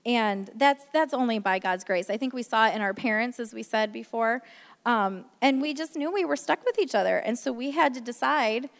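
Her voice is a little high and gravelly, expressive, and moderately paced as this woman tells her marriage testimony at a church gathering in a candid, self-deprecating way packed with fillers. The big hall adds long reverb.

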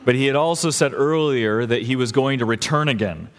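A young adult man preaches a sermon as pastor, speaking briskly at a medium pitch. He's earnest and emphatic, building in intensity, and a long hall reverb surrounds his voice.

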